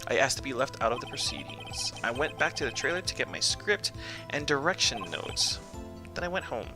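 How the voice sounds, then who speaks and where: A man reading out a hard-nosed woman film director testifying in a courtroom game. She states her account in flat, clipped sentences, her pitch still moving a lot. Game music plays behind her. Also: brisk, close to an everyday voice. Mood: curt.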